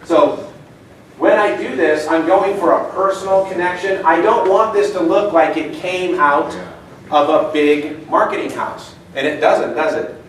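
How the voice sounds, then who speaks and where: A chatty man talks to a live seminar audience, spinning casual stories and tossing questions at the room. His voice sits a touch high and comes from some distance off the mic. A big, echoey room and a faint hiss hang around every word. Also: a little slow. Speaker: seminar speaker. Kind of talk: live seminar talk with anecdotes. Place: meeting room.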